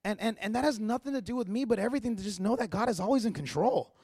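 A male pastor preaching a sermon with passion, building to loud emphatic peaks and often stammering through repeated words. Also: sits high, rapid-fire, breathy edge.

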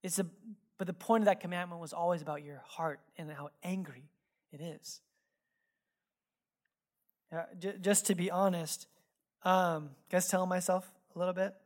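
A woman pastor delivers a sermon in a casual, candid storytelling style, packed with fillers and asides. Her fairly low voice keeps a moderate pace with long pauses, swinging between lively emphasis and quiet, hushed reflection.

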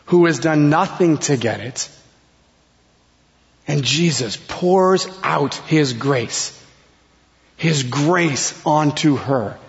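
A man delivers a sermon at an unhurried, deliberate pace, his voice a touch high for a man. He lets key words fall away into near-quiet. The sound is dull and lo-fi, with a long reverb trailing through the hall. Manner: slow, dramatic delivery with sudden soft drops. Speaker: preacher.

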